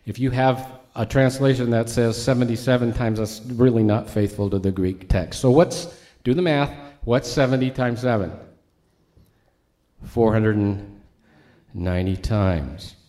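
A man's voice: medium pitch, measured pace, dark tone. A man preaching a sermon as a pastor, teaching in a conversational way with asides to his congregation.

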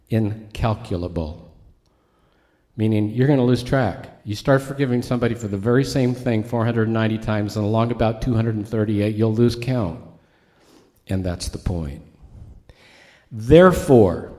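A man's voice: on the low side, a little mellow. A man preaching a sermon as a pastor, teaching in a conversational way with asides to his congregation.

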